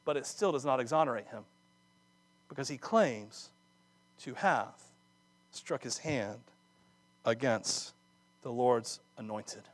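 A man preaching a sermon, acting out scripture dramatically with laughs and quick asides. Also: mid-range voice, expressive, no room sound. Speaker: pastor.

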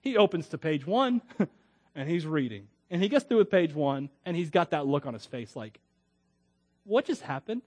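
A man's voice: on the high side, lively intonation, normal speed. A middle-aged man preaching a conversational sermon, joking often and reading scripture aloud with emphasis. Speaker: pastor.

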